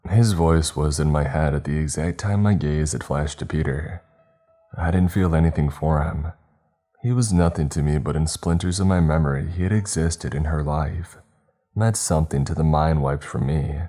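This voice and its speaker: A man narrating a horror story in a steady, somber, scripted way. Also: extremely low pitch, moderate pace.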